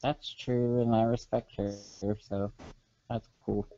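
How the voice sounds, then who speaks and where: A man co-hosting a podcast, trading dry, teasing jabs in casual chat. His voice is mellow and dark in tone. The recording is dry and dull, like a cheap podcast mic. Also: on the low side, flat delivery, takes it slowly, no room sound. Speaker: podcast co-host.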